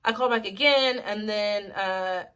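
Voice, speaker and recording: A woman's voice: medium pitch, a little slow, fairly bright tone, clear, resonant tone. A woman in her twenties telling a personal story in a casual vlog, rambling and emotional, with lots of "like" and "freaking". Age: 20s. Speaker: vlogger.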